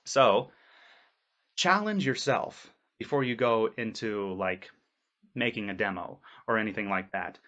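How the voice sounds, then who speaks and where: A man's voice: lowish voice, measured pace, a bit bright. A man voice actor talking casually in a vlog, rambling with many fillers in an earnest way. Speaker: voice actor vlogger.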